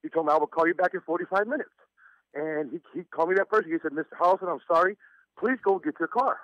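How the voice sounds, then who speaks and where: A man's voice: a little high, fast, a bit bright, dry recording. A man calling in to a radio show, telling his story with stammers and nervous laughs. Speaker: caller. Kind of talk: phone-in story. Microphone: telephone. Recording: muffled phone line.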